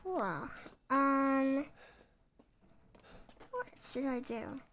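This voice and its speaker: A woman's voice: high-pitched, sing-song, very slow, fairly bright tone, a little hiss or hum. A woman streaming a game, joking around and commenting casually as she plays. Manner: playful, jokey and self-amused.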